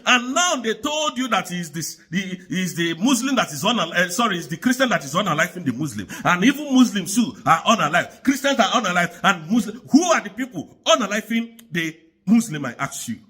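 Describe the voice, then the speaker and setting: A man's voice: sits high, sing-song, fairly quick, sharp tone, slightly rough. A man giving angry, pleading political commentary that circles back on its points.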